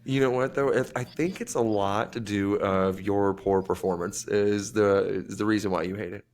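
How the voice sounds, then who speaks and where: A podcast co-host with a fairly low voice who wanders through stories. He laughs at himself as he talks in loose, casual chat. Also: fairly even intonation, normal speed, darkish tone. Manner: rambling, storytelling, laughs at himself.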